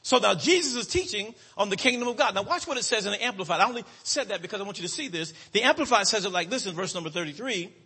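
A man preaching a sermon in a church, with a rhythmic cadence, drawn-out emphatic words and frequent calls to the congregation. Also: high voice, expressive, sharp tone, slightly rough. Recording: long hall reverb.

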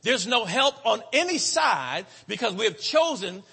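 A man preaching a sermon in a church, with a rhythmic cadence, drawn-out emphatic words and frequent calls to the congregation. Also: high-pitched, sing-song, creaky, bright, forceful tone, slightly rough. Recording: long hall reverb.

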